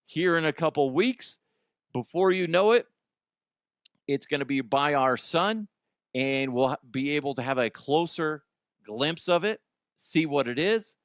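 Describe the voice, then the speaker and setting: A man's voice: on the high side, unhurried, dry recording, clean studio sound. A man hosting comedic news commentary, rambling, jokey and profane. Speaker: host.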